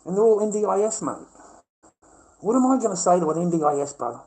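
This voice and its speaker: Brief: middle-aged Australian man, fairly high-pitched, rough-tongued livestream ranter, combative and profane. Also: very animated, fast, a little mellow, low-quality recording. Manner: brash, combative, swearing constantly.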